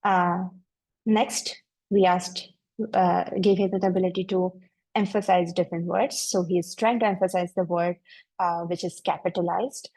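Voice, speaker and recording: A woman presents research in a webinar, steady and explanatory as she moves from slide to slide. Her voice sits fairly low and mellow, with a gravelly edge of fry. The recording is dry and close, with no room sound. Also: no echo, low-quality recording. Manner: measured, explanatory, walking through slides.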